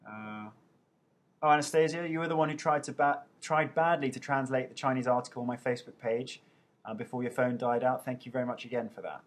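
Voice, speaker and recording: A young Englishman answers viewers' questions over a webcam, chatty, playful, and poking fun at himself. His medium-pitched voice holds a steady tone and moves fairly quickly.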